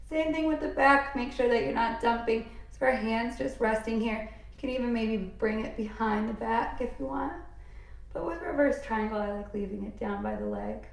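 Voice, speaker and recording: Gravelly-voiced yoga instructor woman, echoey room. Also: fairly high pitch. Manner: calm, encouraging cueing of poses and breath. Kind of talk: guided yoga class instruction.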